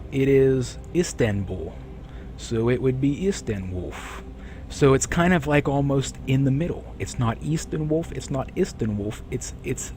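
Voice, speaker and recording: A man's voice: medium pitch, darkish tone, slight background noise. Rambling male streamer with a sore throat. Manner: rambling, self-correcting, reads chat aloud. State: sore throat, clearing it often. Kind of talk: casual live-stream chat.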